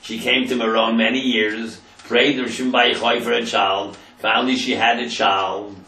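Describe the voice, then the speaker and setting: A man's voice: mid-range voice, flat delivery, normal speed, pushed and bright, reverberant, far from the mic, low-quality recording. A man, a rabbi, telling a story in a class and translating Hebrew phrases into English with dramatic emphasis.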